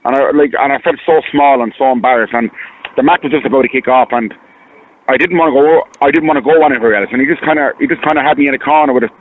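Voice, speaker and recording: An Irish man speaks fast over a tinny phone line. He rambles, repeats himself and sounds earnest and hurt. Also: medium pitch. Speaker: caller. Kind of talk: phone-in radio call.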